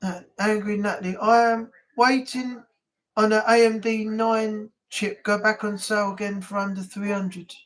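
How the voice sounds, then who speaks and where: A man's voice: sits high, normal speed. A man with a northern English accent hosting a casual weekly live chat stream, rambling easily with plenty of fillers. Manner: rambling, relaxed, with many fillers. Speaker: livestream chat host.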